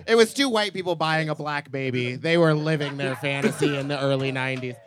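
A man co-hosting a live podcast, telling bawdy stories in an animated way, a bit drunk and laughing often. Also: a little high, a little fast. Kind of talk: live podcast banter, storytelling. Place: live show at a poolside venue.

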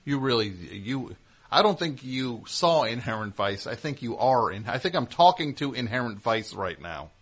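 A man's voice: mid-range voice, sing-song, husky. Man, radio host, call-in banter, teasing, rambling. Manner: teasing, rambling, quick back-and-forth. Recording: radio broadcast.

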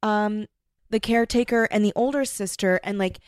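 A woman's voice: mid-range voice, moderate pace, clear, resonant tone, no room sound, clean studio sound. A woman in casual conversation about a novel, thinking aloud in a rambling way full of "like". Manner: rambling, heavy use of "like". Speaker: book discussion co-host. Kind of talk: casual book chat.

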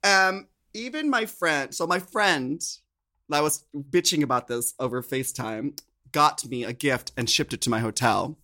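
A man co-hosting a podcast, telling stories in a campy, animated casual way. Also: fairly high pitch, unhurried. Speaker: podcast co-host. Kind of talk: casual chat.

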